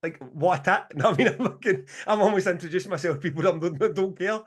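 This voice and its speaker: Fast-talking Scottish man, sweary and laughing. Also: sits high, husky. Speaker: podcast co-host. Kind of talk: casual chat over a video call. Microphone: video call.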